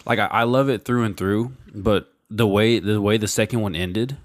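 A young man co-hosting a podcast in casual chat, easygoing and halting, often repeating words. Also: lowish voice, no room sound, studio quality. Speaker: podcast co-host.

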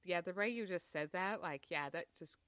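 Bright-voiced woman, chatty co-host. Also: lowish voice, moderate pace, no room sound. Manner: agreeable, chimes in with short reactions. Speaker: podcast co-host. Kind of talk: casual movie review chat.

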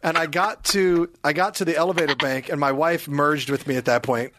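A man's voice: on the high side, steady tone, fairly quick, fairly bright tone. A man telling a self-deprecating story in casual chat, with dry understatement. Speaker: guest comedian.

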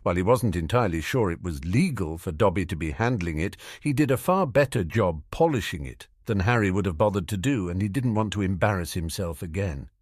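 A man narrating a fan fiction audiobook in an expressive, wry manner. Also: low-pitched, a little fast, few pauses, husky, no echo, studio quality.

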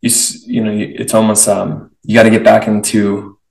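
A young man hosting a podcast, animated and chatty, acting out his own thoughts. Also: lowish voice, normal speed, vocal fry. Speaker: podcast host. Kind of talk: casual conversational interview. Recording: roomy, distant from the mic.

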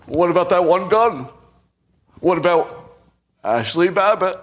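A man putting on the voice of a whiny male critic, mocking him with a high pleading whine. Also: lively intonation, unhurried.

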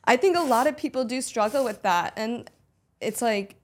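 A woman's voice: a little high, lively intonation, moderate pace. A woman in her twenties hosting a podcast, chatty, casual and swearing freely. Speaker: podcast host. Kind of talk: casual chat.

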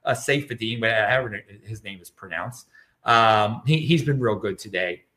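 This live-stream show host has a fairly low, bright, forceful voice and speaks at normal speed. He's blunt and emphatic, with many stumbling restarts as he reads chat questions, and there's echo from the room.

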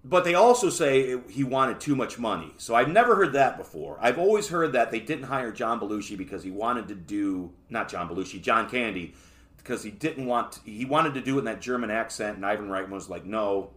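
A man's voice: medium pitch, animated, brisk, a bit bright. A man hosting a solo podcast, reviewing a book in a casual, rambling way with joking asides. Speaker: podcast host.

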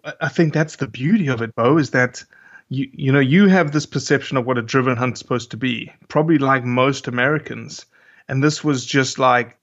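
This guest, a hunter with a South African accent, has a mid-range, fairly bright voice heard through lo-fi sound. In the casual conversation he goes slowly, hunting for words and restarting again and again.

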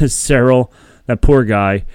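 Smooth-voiced chatty podcast host man. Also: mid-range voice, slow, darkish tone, no room sound, studio quality. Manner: rambling, chatty, laughs often. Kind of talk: casual podcast chat.

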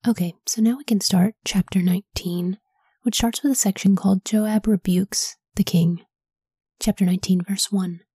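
A woman hosting a Bible podcast, reading scripture in a soft whisper and pausing to ask reflective study questions. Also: medium pitch, steady tone, breathy edge, no room sound, studio quality.

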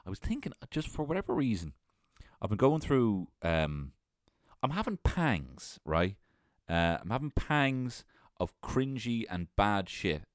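Guy, young, animated storyteller, lively swinging pitch, dry close sound, salty language. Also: unhurried, no room sound. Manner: animated, swearing, laughing often. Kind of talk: casual storytelling.

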